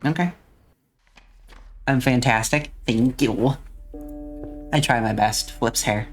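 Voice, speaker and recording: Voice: medium pitch, slow pace, faint music behind. A streamer in a casual let's-play, chatting along and reading and answering viewers' messages aloud.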